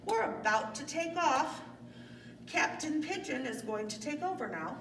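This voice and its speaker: A woman preschool teacher runs a playful make-believe flight for her class, with a high, sing-song voice. She is heard from some distance in an echoey classroom. Steady background noise runs underneath. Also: unhurried. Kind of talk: classroom pretend-play as airline staff and pilot.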